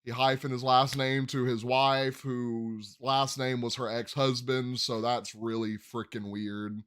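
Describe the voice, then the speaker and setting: A man with a smooth, resonant voice hosts a laid-back sports podcast. He rambles cheerfully and stumbles over tricky names, restarting them mid-word. His pitch sits in an ordinary middle range. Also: little pitch movement, a little slow, a bit bright. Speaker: podcast host. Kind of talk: casual sports chat.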